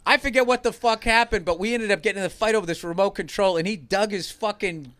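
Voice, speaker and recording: A man's voice: sits high, quick pace, a bit bright. A middle-aged male comedian swapping blunt, profanity-laced stories in a casual chat. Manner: profane, emphatic storytelling. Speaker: comedian guest.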